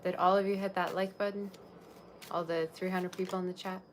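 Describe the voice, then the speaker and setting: Low-voiced chatty woman tarot reader. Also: little pitch movement, fairly quick, a little hiss or hum. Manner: chatty, rambling, addresses viewers directly. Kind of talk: casual livestream chat.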